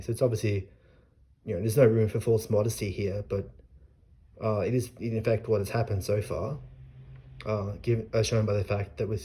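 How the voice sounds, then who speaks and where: A man's voice: on the low side, warm tone, breathy edge. A man casually explaining a poem, thinking aloud with frequent hesitations and restarts. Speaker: literature explainer. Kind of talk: casual spoken poetry analysis.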